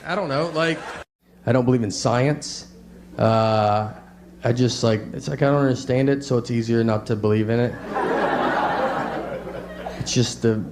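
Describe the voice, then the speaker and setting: A stand-up comedian with a Tennessee Southern accent, delivering a live set in a deadpan, meandering way with many hesitations. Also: male voice, mid-range voice. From Tennessee, USA. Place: stage in a venue with an audience. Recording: noisy, echoey live stage recording.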